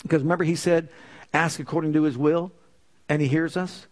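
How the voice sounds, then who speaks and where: A man's voice: fairly high pitch, fairly even intonation, brisk, a little mellow. A man preaching a sermon, earnest and emphatic, retelling a story and driving home his points.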